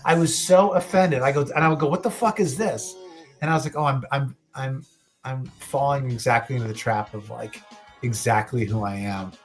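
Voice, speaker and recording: A man's voice: medium pitch, fairly quick, faint music behind. A man in his late thirties co-hosting a casual podcast, rambling with lots of swearing and restarts. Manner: rambling, profane, restarts a lot. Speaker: podcast co-host.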